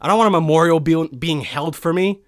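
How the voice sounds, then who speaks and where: High-voiced young man telling a profane story. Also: brisk. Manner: profane, heated, rambling. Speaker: podcast guest. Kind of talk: casual podcast storytelling. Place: recording studio.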